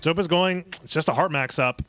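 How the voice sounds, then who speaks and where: A young man casually commentating a live video game tournament in a rambling, jokey, excitable way. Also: on the high side, fairly quick, faint music behind.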